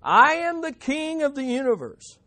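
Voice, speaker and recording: A preacher doing a shouting madman who thinks he rules the universe. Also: very high-pitched, very animated, moderate pace, voice pushed up, heavily acted. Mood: grandiose. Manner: shouting grandly. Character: raving male mental patient claiming to rule the universe.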